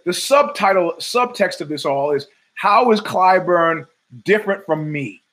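A man's voice: sits high, fairly bright tone, poor audio. Profane, sardonic man ranting solo. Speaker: podcast host. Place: home.

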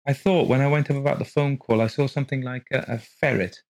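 A man's voice: mid-range voice, steady tone, quick pace, voice pushed up, close to an everyday voice. A man voicing an anxious young mother who talks politely and hesitantly, stammering as she apologizes.

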